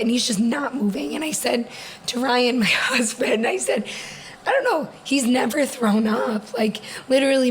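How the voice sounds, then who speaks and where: A young woman co-hosting a podcast with her sister, telling stories in a lively, laughing way. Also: a little high, slight background noise, rough recording. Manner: animated storytelling, quick laughs. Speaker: podcast co-host. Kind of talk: casual sister chat.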